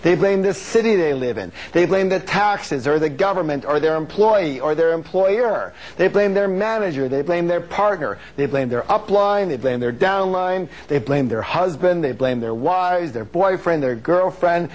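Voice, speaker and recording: A man's voice: on the high side, expressive, normal speed, hardly any pauses, darkish tone. A man giving a live motivational seminar, emphatic and joking, quizzing the audience and having them repeat phrases back. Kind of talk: live seminar lecture with call-and-response.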